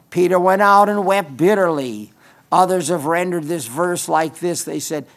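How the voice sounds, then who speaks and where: A man's voice: a little high, unhurried. A man preaching a sermon in an earnest way, often repeating phrases for emphasis.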